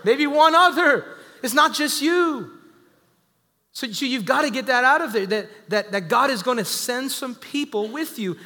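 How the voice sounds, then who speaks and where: A man with a high, bright voice preaches to his congregation, calling out to them with lively energy. His voice rings through a church hall with a long echo. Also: normal speed. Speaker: pastor. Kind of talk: sermon. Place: church sanctuary. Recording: echoey hall.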